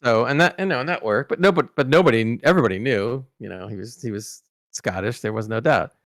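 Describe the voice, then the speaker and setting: A man's voice: mid-range voice, fast, dry recording, clean studio sound. Man telling rambling showbiz anecdotes. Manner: rambling, many restarts and fillers, animated in anecdotes. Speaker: podcast host recalling interviews. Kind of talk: casual storytelling chat.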